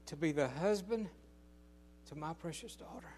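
An older man preaching a sermon, telling a folksy story with emphatic, drawn-out phrases. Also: on the high side, darkish tone, slightly rough.

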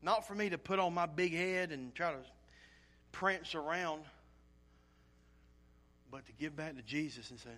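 A fairly high-pitched male voice delivers a sermon a little slowly, pausing often. He shares a personal story earnestly and with emotion, acting out his asides as he goes.

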